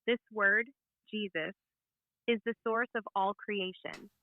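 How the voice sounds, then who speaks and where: An AI voice assistant with a woman's smooth synthetic voice, delivering a simulated sermon clearly and with conviction. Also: mid-range voice, steady tone, takes it slowly, no echo. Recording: tinny phone speaker playback.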